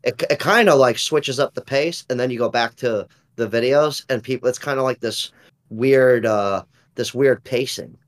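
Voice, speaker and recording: A man's voice: mid-range voice, moderate pace. Laid-back man, middling voice, casual chat. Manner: laid-back and loose, with filler-heavy explanations. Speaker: podcast co-host or guest.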